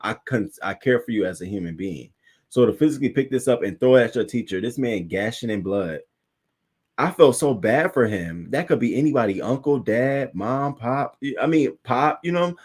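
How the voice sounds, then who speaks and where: Animated male livestream host. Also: medium pitch, normal speed, husky. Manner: animated, laughing storyteller who greets viewers by name. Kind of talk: casual live-stream chat.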